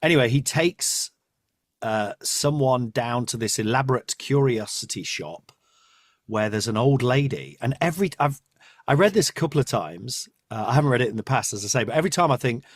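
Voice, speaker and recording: A man's voice: mid-range voice, expressive, brisk, no room sound, clean studio sound. A man hosting a podcast, chatting casually, often laughing and trailing off. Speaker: podcast host. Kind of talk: casual chat.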